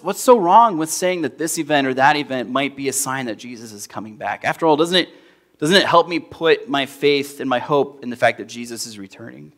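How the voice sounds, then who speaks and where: A young adult male pastor preaches a sermon in a conversational, storytelling style that becomes animated during anecdotes. His pitch is fairly high.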